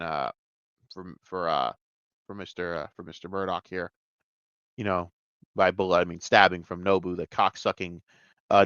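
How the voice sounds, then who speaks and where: A man's voice: on the low side, a bit bright, dry recording, lo-fi sound. A man reviewing a TV episode in a casual rant, swearing constantly and mocking the characters.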